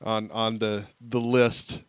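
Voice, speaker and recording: Here a podcast co-host in his thirties delivers a family story in a fairly low, slow, smooth voice, recorded without echo. It's relaxed, chatty storytelling, and he animatedly performs the quotes of the characters.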